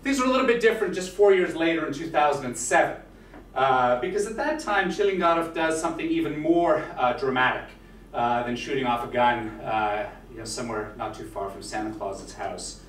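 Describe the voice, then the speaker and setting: A man's voice: mid-range voice, lively intonation, brisk, a bit bright. A man giving a history lecture in a conversational way, with many "uh" fillers and wry asides. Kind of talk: university lecture. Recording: echoey hall, mic far off, faint hiss.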